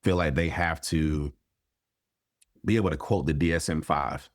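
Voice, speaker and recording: A man's voice: rumbling low, moderate pace, no echo, clean studio sound. A man, a therapist and podcast guest, talking frankly in casual conversation, swearing freely and acting out quoted people.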